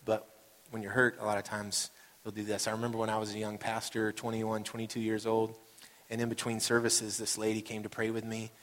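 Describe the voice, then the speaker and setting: A man's voice: fairly low pitch, monotone, fairly quick, fairly bright tone. A man pastor giving a conversational sermon, telling stories and acting out what people say. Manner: casual and storytelling, acting out quoted voices. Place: church sanctuary. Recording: reverberant hall sound.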